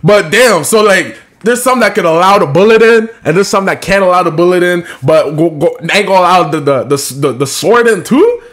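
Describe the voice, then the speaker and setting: A young American man with an excitable, slangy manner, reacting casually and talking to his chat with loud outbursts. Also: high-pitched, brisk, hardly any pauses. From United States. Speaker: reaction streamer.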